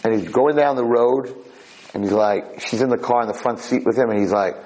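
Guy giving a lecture, telling a story all dramatic, mid pitch, doing voices. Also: brisk, poor audio. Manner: animated, acts out characters' voices.

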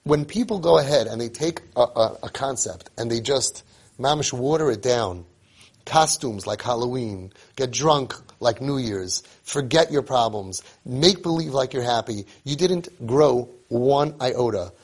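A man's voice: mid-range voice, lively intonation, measured pace, slightly rough. A man giving an emphatic sermon, repeating phrases and telling a story.

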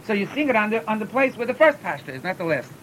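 A man, teaching a class on chanting scripture. He stumbles and repeats words as he explains, and breaks into short chanted examples. A faint rumble hums under the recording. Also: big pitch swings, racing, fairly bright tone, rough recording. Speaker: teacher of Torah cantillation. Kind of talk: classroom lesson.

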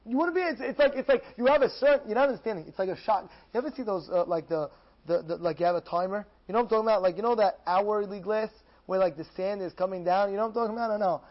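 A man giving an animated Torah class as a rabbi, acting out dialogues and repeating phrases with mounting excitement. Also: sits high, very fast, muffled recording. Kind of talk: animated sermon.

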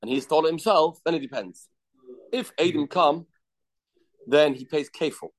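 A man leads a daily Talmud class in a somewhat high voice. He works through the text step by step, posing questions and answering them himself, and weaves Hebrew and Aramaic terms into his English. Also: normal speed. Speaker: Talmud teacher.

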